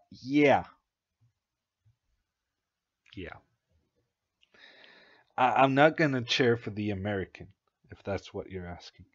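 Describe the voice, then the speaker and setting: A young Norwegian man, Norwegian by first language, offers casual chess commentary on a stream, hesitating and thinking aloud with lots of uhs and ums. His voice is fairly low in pitch. There's no room sound, and the high frequencies are cut off.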